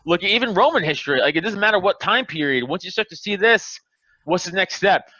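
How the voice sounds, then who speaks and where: A man's voice: sits high, expressive, fast talker, bright, forceful tone, no room sound, muffled recording. Heated, swearing man ranting on a podcast. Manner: heated, profane, emphatic ranting. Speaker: podcast host. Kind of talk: casual podcast chat.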